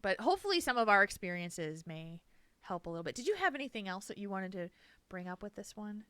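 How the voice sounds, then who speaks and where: A woman co-hosting a chat podcast tells personal stories in an animated, emotional way and laughs easily. Her voice is bright and smooth. The recording is close and dry. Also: medium pitch, fast talker, dry recording. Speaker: podcast co-host. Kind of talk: casual chat.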